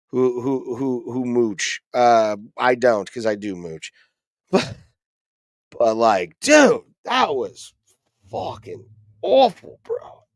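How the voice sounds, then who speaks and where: A young man hosts a live fight-reaction stream, cursing and grumbling through casual commentary packed with fillers. His voice sits a little high and his pace is unhurried. The recording is dry and close, with little room sound. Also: dry recording. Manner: frustrated, profane ranting with many fillers. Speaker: livestream host reacting to fights.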